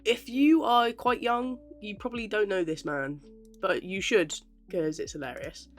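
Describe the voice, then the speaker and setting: A woman's voice: mid-range voice, a little slow, faint music behind. A 21-year-old woman, chatting casually to camera in a self-deprecating way and laughing often. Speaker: aspiring actress vlogger.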